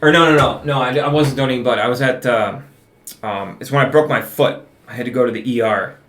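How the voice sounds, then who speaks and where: A man's voice: medium pitch, fairly quick. Man telling a story in a roomy echo. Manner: animated storyteller, laughs a lot, says dude. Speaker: podcast co-host. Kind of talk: casual chat, storytelling. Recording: roomy echo, faint hiss.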